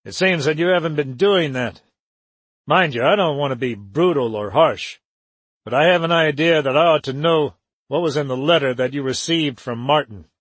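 Storybook: male narrator as grim guarded hero, measured delivery, dry booth. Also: a little high, a bit bright, husky, no echo.

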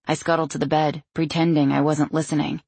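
Woman reading an audiobook in first person, gravelly husky voice, wry and anxious. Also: low voice, level tone, brisk, darkish tone, no echo. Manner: wry, anxious inner monologue. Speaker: audiobook narrator.

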